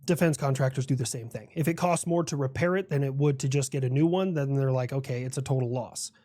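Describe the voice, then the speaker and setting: A man's voice: medium pitch, quick pace, mellow, no room sound, studio quality, close to an everyday voice. A man voicing a boastful personified America. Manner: boastful, explains at length. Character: proud personified United States, male, lecturing. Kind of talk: comedic animated skit dialogue.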